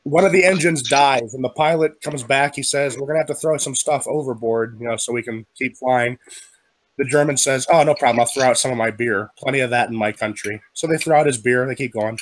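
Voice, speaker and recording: A man's voice: mid-range voice, no echo. A man telling long jokes in a casual group chat, moving easily through the setups. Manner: smooth storyteller, quick voice changes for quoted characters. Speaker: podcast regular telling jokes.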